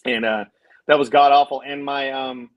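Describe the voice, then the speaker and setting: A man's voice: mid-range voice, moderate pace, lo-fi sound. Laid-back man telling radio stories. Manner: laid-back, animated when imitating others. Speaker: podcast guest. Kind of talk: casual storytelling chat.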